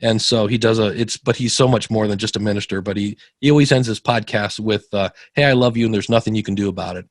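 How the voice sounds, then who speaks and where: Low-voiced man telling animated stories. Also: quick pace, hardly any pauses, dry recording, clean studio sound. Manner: animated, acts out quoted voices with big pitch jumps. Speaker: podcaster guest. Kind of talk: casual interview storytelling.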